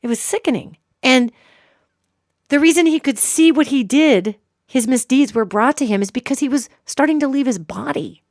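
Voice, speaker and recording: A woman's voice: sits high, normal speed, darkish tone, no room sound, clean studio sound. A woman hosting a psychic radio show, telling a story to her listeners in an emphatic way and checking in with them as she goes.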